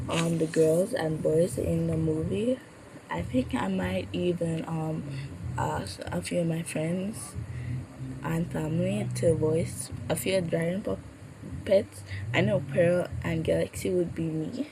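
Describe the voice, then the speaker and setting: A woman's voice: fairly low pitch, slow pace. A woman puppeteer chatting casually, with a sore throat from a cold and stumbling over her words. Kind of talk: casual chat. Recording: steady background noise.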